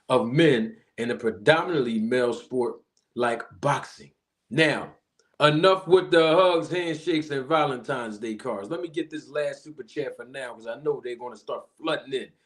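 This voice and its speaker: A man hosting a live stream, chatting casually and giving animated shout-outs to viewers. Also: medium pitch. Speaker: livestream host.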